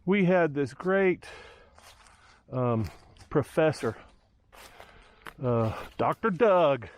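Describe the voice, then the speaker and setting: A man's voice: on the high side, lively intonation, extremely slow, a little hiss or hum. A man, thinking aloud with lots of fillers as he films a walk through the woods. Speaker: hiker vlogger. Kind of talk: casual walking commentary. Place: outdoors in woods by a lake.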